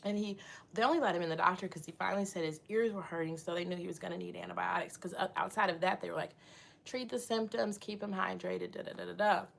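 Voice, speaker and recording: A woman's voice: lowish voice, steady tone, fast talker, creaky. A woman in her thirties chatting casually while she does her hair, reading and answering comments, tired and a little sick. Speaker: vlogger.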